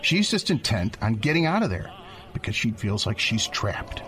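A man's voice: on the low side, very animated, normal speed, fairly bright tone. A man narrating a radio drama, describing the scene and speaking directly to the listener. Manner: descriptive storyteller, addresses the listener.

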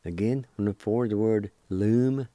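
A man's voice: fairly low pitch, a little slow, mellow, no echo. A man hosting a radio language lesson, patiently spelling out words letter by letter and repeating their pronunciation. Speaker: radio language teacher and host.

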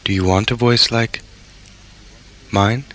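A man's voice: on the low side, fairly even intonation, takes it slowly. A man performing an experimental spoken-word piece, repeating insistent questions over and over. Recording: loud noisy recording.

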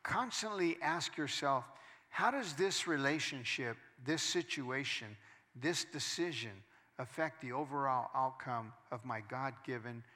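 A male pastor preaching a sermon, moving between quiet storytelling and loud, emphatic preaching. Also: mid-range voice, unhurried, long reverb tail, some chatter behind.

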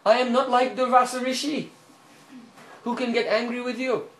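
A man's voice: very high-pitched, steady tone, normal speed, pitched above the performer's own voice. A man doing an ecstatic old sage. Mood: humble. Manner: loud fervent proclaiming, repetitive chanting. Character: ecstatic elderly male sage proclaiming devotion. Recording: echoey room, faint hiss.

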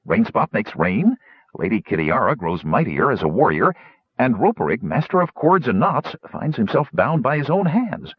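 A bossy, fussy old gnome with a high, shrill voice that swoops up and down , as a man puts him on for an audiobook. He talks in a grand, declaiming way. The recording is dry and a little dull. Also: sing-song, normal speed, slightly rough, no room sound. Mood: musing.

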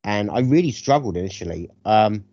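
A man co-hosting a film review chat, animated, sarcastic and freely profane. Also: on the low side, fairly quick, dry recording, highs cut off. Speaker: podcast co-host reviewing films.

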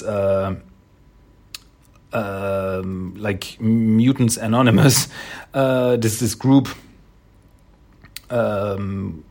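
A man casually recapping a comic book issue in a rambling, hesitant way, with many restarts and chuckles. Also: mid-range voice.

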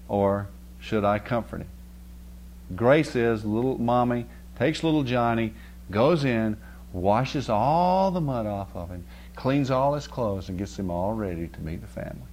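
A man's voice: medium pitch, darkish tone, a little hiss or hum. A man preaching a sermon, telling a homely story and often checking with his listeners. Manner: folksy storytelling with rising emphasis and frequent "right?" checks. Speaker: pastor.

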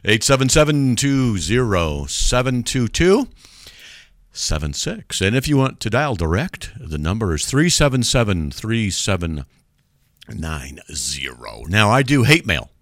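A man's voice: on the low side, very animated, unhurried, fairly bright tone, no room sound. A man hosting a casual radio call-in show, joking and laughing at himself as he talks to listeners from the studio. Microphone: studio microphone.

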